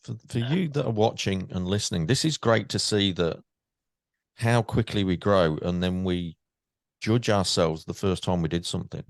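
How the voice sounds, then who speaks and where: A man's voice: deep voice, moderate pace, dry recording. An English man hosting a podcast, chatting casually and laughing with his guest. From England. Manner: chatty, laughing, restarts often. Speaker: podcast host. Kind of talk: casual interview chat.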